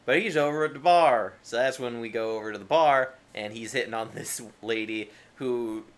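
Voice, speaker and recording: A podcast co-host with a medium-pitched voice and moderate pace chats casually about a movie. His humor is sardonic and crude, and he swears frequently.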